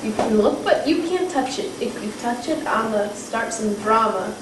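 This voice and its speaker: A woman's voice: a little high, animated, moderate pace. A woman performing a live improv scene, brash and playful. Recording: echoey room from far off, noisy.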